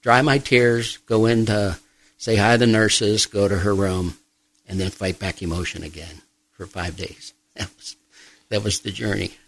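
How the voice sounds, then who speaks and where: A middle-aged man, a pastor and grief counselor, speaking softly and reflectively in an interview, pausing often. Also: on the low side, steady tone, creaky, low-quality recording. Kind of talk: personal testimony in an interview.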